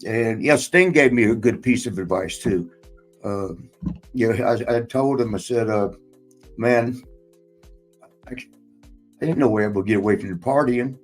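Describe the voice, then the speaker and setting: A man's voice: fairly low pitch, moderate pace, soft background music, low-quality recording. A man hosting a casual chat, telling a long personal story in a rambling way, swearing often and laughing between lines. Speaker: podcast host and former wrestler.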